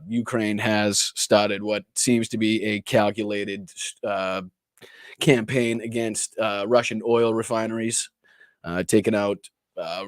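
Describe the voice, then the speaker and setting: A man's voice: fairly low pitch, dry recording, clean studio sound. A man hosting a casual political live stream, rambling and joking with crude asides while he chats with viewers. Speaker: political livestream host.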